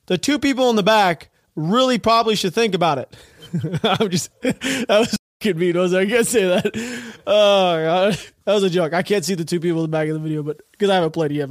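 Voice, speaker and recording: A man's voice: high-pitched, no echo, clean studio sound. A man hosting a podcast, giving casual, mocking commentary with a sarcastic edge and frequent laughter. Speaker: podcast host.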